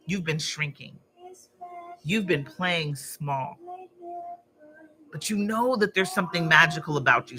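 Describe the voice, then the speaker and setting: A woman's voice: mid-range voice, sharp tone. A woman hosting a live stream, chatting and encouraging her viewers in a casual motivational way while she arranges flowers.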